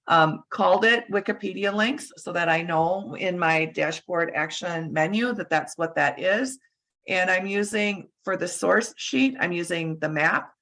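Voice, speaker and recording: Bright-voiced woman losing her voice. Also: lowish voice, rough recording. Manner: halting, many fillers and restarts. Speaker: user group presenter. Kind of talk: screen-share software demo.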